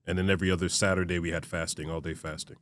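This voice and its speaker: A man in his fifties, speaking as a guest on a podcast. His voice sits low and deep. He talks in a measured, reflective way, and his sentences often fade out quietly at the end. Faint ambient noise hums behind him. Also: level tone. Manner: measured, reflective, trails off softly at phrase ends. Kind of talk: casual conversation.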